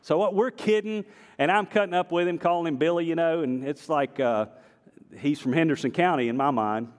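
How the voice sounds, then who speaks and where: A male pastor with a faint Southern accent delivers a sermon in a fairly high voice. He builds to emphatic, punchy lines, then drops into hushed, chatty asides. His voice rings through a church hall with a long reverb tail. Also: fairly quick. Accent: slight Southern US. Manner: emphatic preaching, swinging to quiet storytelling asides. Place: church sanctuary.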